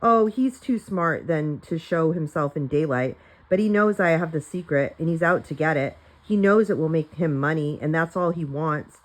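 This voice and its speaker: Grumpy crafty old man, suspicious and barking orders, as a lady reader puts him on, lowish voice. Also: normal speed, hardly any pauses, lightly acted. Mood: gruff.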